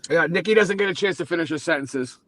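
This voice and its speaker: A man's voice: fairly high pitch, fast talker, a bit bright, dry recording. A man co-hosting a livestream over a video call, joking around and crude in a playful way. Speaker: livestream co-host. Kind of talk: casual chat.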